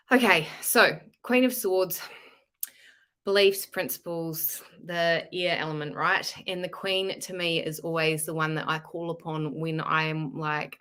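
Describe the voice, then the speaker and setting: A woman's voice: low-pitched, a bit bright, clean tone. A woman giving live-streamed tarot readings in a chatty, frank and casual way, swearing freely. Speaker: tarot reader.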